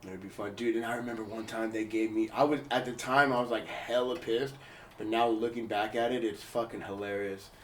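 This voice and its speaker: Young man, podcast host, casual storytelling, animated, profane, high-pitched quoted voices. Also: brisk, roomy sound, distant mic, slight background noise. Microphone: portable recorder.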